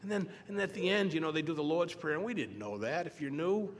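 Animated older man sharing in a hall. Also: fairly high pitch, fast talker, a little hiss or hum. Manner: animated storyteller acting out his own quotes, repeats phrases. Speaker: recovery meeting speaker. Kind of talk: personal testimony at a meeting. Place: meeting hall. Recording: roomy hall reverb, faint background ambience.

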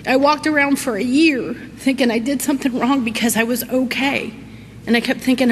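Woman, middle-aged, high voice, telling her recovery story in an echoey hall, faint hiss. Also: fairly quick. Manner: folksy, animated, laughs through her story. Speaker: recovery meeting speaker. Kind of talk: personal recovery talk.

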